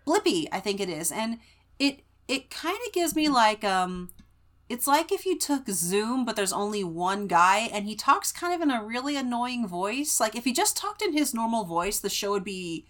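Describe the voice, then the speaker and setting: A young woman co-hosting a casual podcast chat, telling stories in an animated way. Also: fairly high pitch, moderate pace. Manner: animated storytelling, mimics voices when retelling. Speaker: podcast co-host.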